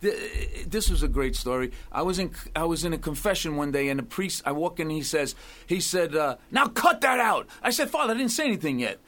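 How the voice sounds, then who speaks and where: A man talking as a guest in a radio studio, telling stories and acting out quotes with sudden shouts. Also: on the high side, brisk. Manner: animated, acts out quotes with shouts. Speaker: guest singer-songwriter. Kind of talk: casual chat, storytelling.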